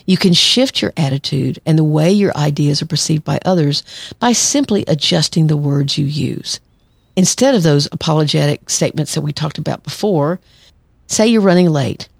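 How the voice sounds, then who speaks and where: A woman's voice: low voice, moderate pace, gravelly, a little mellow, breathy edge, dry recording. A woman therapist hosting a solo podcast, talking conversationally and acting out quoted lines. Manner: conversational, acts out quoted lines, laughs lightly. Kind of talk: solo podcast advice talk.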